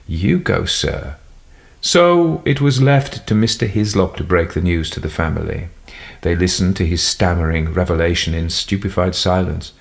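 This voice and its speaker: A man narrating a classic detective story in a measured storytelling manner. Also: deep voice, gravelly. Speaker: audiobook narrator. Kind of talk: scripted narration.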